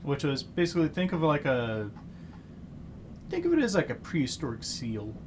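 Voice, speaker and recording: A man co-hosting a casual podcast chat, excitable and tripping over hard names. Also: fairly high pitch, moderate pace, a little hiss or hum. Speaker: podcast host.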